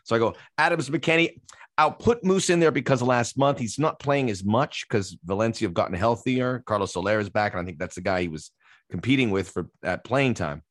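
A man hosting a casual soccer podcast, chatting and laughing easily with his guest, with quick asides. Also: medium pitch, lively intonation, no echo, clean studio sound. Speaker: podcast host.

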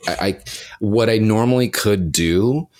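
A man's voice: lowish voice, unhurried, a little mellow. A man who teaches yoga, co-hosting a podcast in a chatty, open way, his voice nasal from a cold. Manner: chatty, open, says like a lot. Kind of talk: casual chat.

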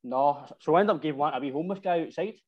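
A Scottish man tells a rambling football-trip story in slangy casual chat, tagging "right?" onto his lines. His voice sits a little higher than most men's. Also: racing, dull audio. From Scotland. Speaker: football supporter telling stories.

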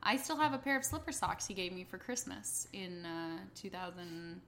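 An American woman co-hosting a casual chat, telling stories in an animated way with frequent laughter. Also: on the low side, normal speed, noisy background. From United States. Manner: animated storyteller, laughs often.

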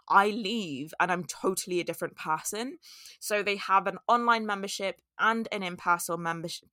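A woman hosts her solo podcast, chatty and heartfelt. Her voice sits at an ordinary middle pitch. The recording is dry and close, with no room sound. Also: pushed and bright, no echo. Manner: emotional, grateful, chatty. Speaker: podcast host.

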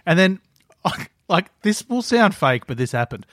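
A man's voice: high voice, sing-song, a little slow, a bit bright, no echo, clean studio sound. A man with an Australian accent chatting enthusiastically as a podcast co-host, swearing freely. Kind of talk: casual chat.

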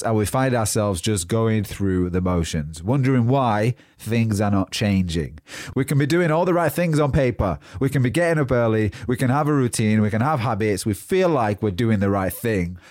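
Guy w a stuffy blocked nose, lowish voice, dry close sound, earnest pep-talk podcast. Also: a little mellow, no room sound. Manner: earnest, repetitive motivational phrasing. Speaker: podcast host. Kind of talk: motivational podcast monologue.

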